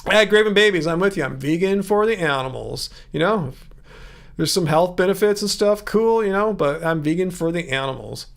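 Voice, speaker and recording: A Southern California man talks loosely to his livestream chat, full of fillers and restarts. His pitch sits fairly high and swings up sharply to stress words before dropping back down. The sound is that of an easygoing, animated host. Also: moderate pace, vocal fry. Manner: lively pitch swings, emphasizes words by jumping up; laid-back, filler-heavy, many restarts. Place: room with musical instruments.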